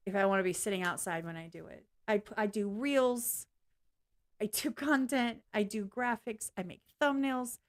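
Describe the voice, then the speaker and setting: A woman live streaming to her viewers in a casual, candid rant, blunt and swearing freely, laughing along the way. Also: mid-range voice. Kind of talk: casual ranting livestream chat.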